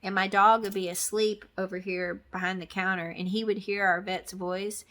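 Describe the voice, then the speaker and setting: A woman's voice: mid-range voice, little pitch movement, normal speed, a bit bright. A middle-aged woman from Texas chatting casually to camera in a crafting vlog, rambling with many ums and restarts. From Texas, USA. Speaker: crafting vlogger.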